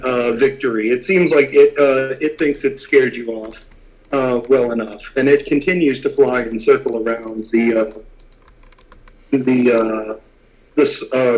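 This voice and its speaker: A man narrating a tabletop game as game master, with frequent pauses and filler words. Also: mid-range voice, steady tone, a little mellow, low-quality recording. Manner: halting, many filler words.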